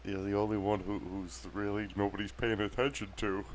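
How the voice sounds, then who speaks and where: A man playing a tabletop game, speaking casually and haltingly as he explains plans. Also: fairly low pitch, flat delivery, slight background noise. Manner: halting, restarts, eager. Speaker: player.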